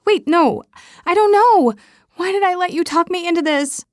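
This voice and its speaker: A woman voicing a flustered, panicky young woman in an audiobook, with high-strung exclamations. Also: moderate pace, a little mellow, dry recording, studio quality. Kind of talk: audiobook dialogue reading.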